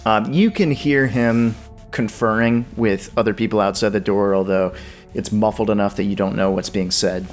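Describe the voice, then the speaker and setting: Unhurried low-voiced male game master. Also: steady tone, soft background music. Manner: unhurried, with many ums and uhs. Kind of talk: narrating a tabletop game.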